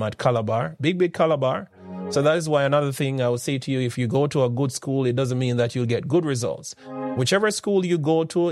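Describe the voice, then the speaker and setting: A young Jamaican man telling rambling, conversational stories from his school days in a morning talk. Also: medium pitch. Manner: rambling, conversational, with frequent restarts and asides. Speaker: speaker giving a morning talk. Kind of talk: casual personal storytelling.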